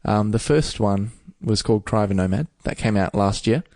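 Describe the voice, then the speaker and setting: A man's voice: lowish voice, a little fast, darkish tone, dry recording, clean studio sound. A man who is a musician, guesting on a podcast and chatting casually, easygoing and laughing along. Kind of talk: casual interview chat.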